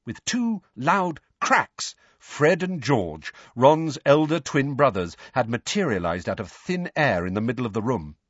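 A male audiobook narrator reads with lively, expressive swings in pitch and a husky grain. The recording is dry and a little dull. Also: measured pace, few pauses, dry recording. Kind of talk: storybook narration.

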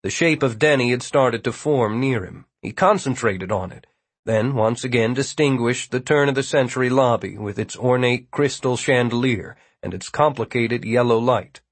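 A man narrating a novel in a measured, even reading. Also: medium pitch, slightly rough, no echo. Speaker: audiobook narrator. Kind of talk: scripted narration.

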